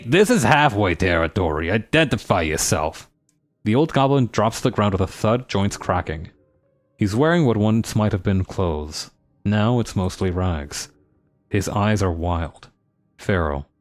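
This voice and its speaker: A man's voice: low voice, a little slow, a little mellow, no room sound. A man streaming a story game, reading its narration aloud with dramatic pacing and joking asides.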